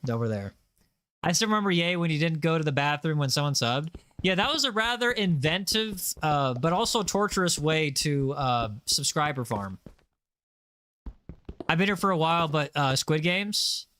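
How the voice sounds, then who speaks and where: A man's voice: fairly high pitch, sharp tone, clear, resonant tone. A man chatting casually on a gaming livestream, rambling with lots of fillers and playful boasts. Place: home setup, lives in Los Angeles.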